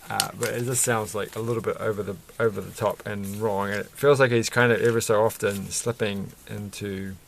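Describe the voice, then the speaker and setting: A man's voice: on the low side, steady tone, brisk, vocal fry, few pauses, a little hiss or hum. A man chatting casually and rambling while building a Lego set, often chuckling and correcting himself.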